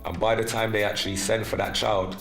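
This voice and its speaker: A man hosting a live podcast in casual chat, animated and teasing, laughing often and slipping into patois. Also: lowish voice, a little fast, creaky. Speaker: podcast host. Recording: echoey room with faint music.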